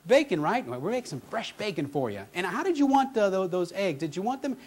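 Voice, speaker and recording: A man voicing a cheerful, eager middle-aged woman who works a drive-thru, bright and welcoming. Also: high-pitched, sing-song, fairly quick, husky, pitched above the performer's own voice, heavily acted.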